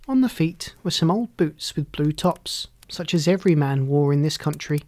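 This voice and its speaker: Calm, measured storybook narrator. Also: mid-range voice, no echo.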